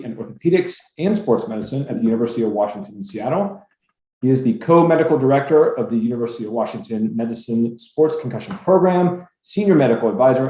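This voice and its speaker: A man's voice: medium pitch, reverberant, rough recording. A man hosting a webinar series, reading a formal introduction of a speaker on a video call. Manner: steady, organized, reads a formal bio.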